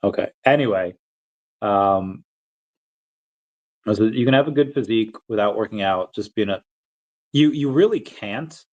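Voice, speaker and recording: A man's voice: fairly low pitch, moderate pace, long pauses, dull audio. A man casually chatting on a livestream, answering chat questions in a rambling, self-interrupting way with frequent chuckles.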